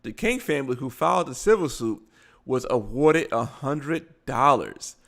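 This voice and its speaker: A man with a Baltimore accent and a gravelly, mid-pitched voice hosts a casual live show. He reads news articles aloud, trips over long words, and breaks off with blunt asides. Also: expressive, a little slow, a bit bright.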